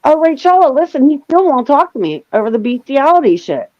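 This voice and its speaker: A middle-aged woman hosting a casual panel chat tells an animated story packed with swearing, acting out what others said in a higher voice. She talks a little fast, and the recording is dry and dull.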